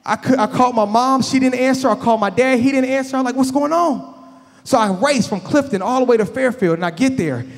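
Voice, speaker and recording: A man in his thirties doing stand-up comedy, telling stories in an animated, conversational way. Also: extremely high pitch, quick pace, few pauses. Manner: animated, conversational, loose Southern-inflected slang. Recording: echoey hall.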